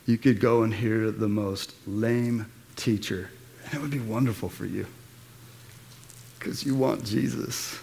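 A man's voice: fairly low pitch, steady tone, unhurried, vocal fry, darkish tone. A man preaching a sermon as pastor, in a casual, slangy way, rallying the congregation. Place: church.

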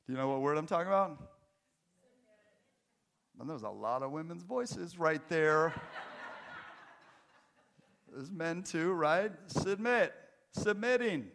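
A middle-aged man preaching a sermon as pastor, mixing joking self-deprecating asides with quiet, earnest emphasis. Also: on the high side, animated, slow pace, gravelly, long pauses. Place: church.

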